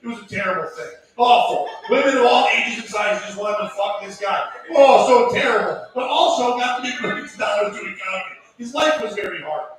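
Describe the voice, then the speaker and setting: Male stand-up, high voice, dry rambling delivery, picked up from across an echoey small venue. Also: a little fast, hardly any pauses. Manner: deadpan, crude, rambling delivery. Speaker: stand-up comedian. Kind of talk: open mic stand-up set. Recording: echoey room, voice from far off.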